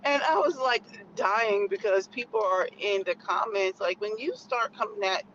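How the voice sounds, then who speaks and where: A woman's voice: medium pitch, normal speed, a bit bright. Chatty American woman, muffled noisy recording. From United States. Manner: chatty, opinionated, rambling with many "like" fillers. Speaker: vlogger. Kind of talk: casual chat to camera.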